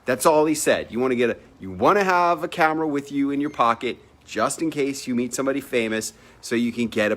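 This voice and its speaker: A man's voice: on the high side, fairly bright tone. A man, an entrepreneur, telling a personal story to camera in a casual, emphatic, boastful way, swearing freely and acting out the people he quotes. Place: at a villa at sunset.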